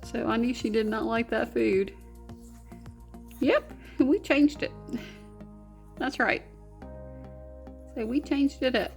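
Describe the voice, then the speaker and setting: A woman's voice: a little high, takes it slowly, creaky, pauses often, faint music behind. A woman, hosting a crafting vlog at home in a bubbly, giggly way. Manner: bubbly, giggly, sweet-talking. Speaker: papercraft channel host. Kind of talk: casual vlog chat.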